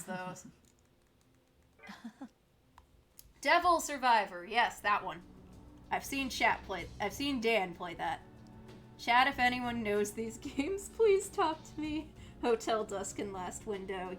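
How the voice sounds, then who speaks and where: A woman's voice: medium pitch, a bit bright. Chatty woman streamer reading chat. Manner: chatty, laughs often, reads chat aloud. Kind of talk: casual gameplay stream chat.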